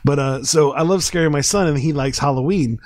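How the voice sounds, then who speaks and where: A man's voice: on the high side, a little fast, a little mellow, dry recording. A man hosting a podcast, telling a rambling story in a casual chat with many fillers and restarts. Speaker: podcast host.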